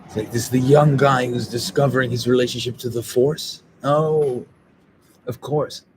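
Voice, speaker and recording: A man talking in a loose, rambling monologue, swearing and quoting other people in quick voices. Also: mid-range voice, steady tone, background noise.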